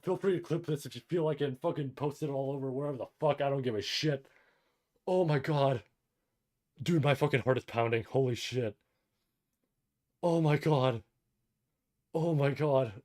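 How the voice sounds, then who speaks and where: A man's voice: medium pitch, brisk. A man streaming a live reading, reacting with overwhelmed, swearing, emotional outbursts. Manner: loud bursts of excitement. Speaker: streamer reading a light novel aloud.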